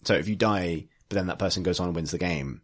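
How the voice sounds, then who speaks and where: Low-voiced rambling podcast host. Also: male voice, fast talker. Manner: rambling, restarting sentences, laughing. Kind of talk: casual chat.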